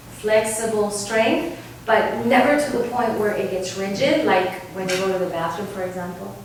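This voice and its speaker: A woman's voice: fairly high pitch, a little hiss or hum. A woman from Argentina leading a choir workshop as vocal coach, demonstrative, often checking with "right?", recorded from far off in an echoey room. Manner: demonstrative, sings example sounds, frequent "right?". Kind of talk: workshop teaching.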